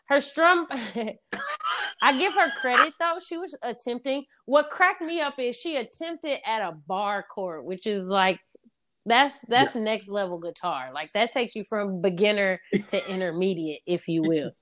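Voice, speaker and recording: A woman hosting a casual podcast chat, animated and laughing often as she acts out scenes from a film. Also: mid-range voice, a little slow. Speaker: podcast host.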